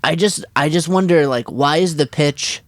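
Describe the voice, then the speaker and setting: Rambling, unsure podcast co-host. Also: male voice, fairly high pitch, normal speed, no echo, clean studio sound. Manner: rambling, unsure, laughs often. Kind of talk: casual comedic chat.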